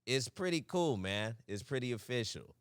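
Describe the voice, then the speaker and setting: Teasing man with loud laughs. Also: medium pitch, very animated, normal speed, clear, resonant tone, no room sound, clean studio sound. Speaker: podcast co-host. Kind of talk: casual banter.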